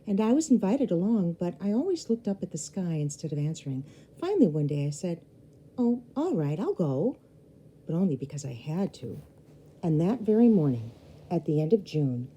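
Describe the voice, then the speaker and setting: A woman reading a children's novel aloud chapter by chapter, expressive and speaking directly to young listeners. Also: lowish voice, poor audio. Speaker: storybook reader.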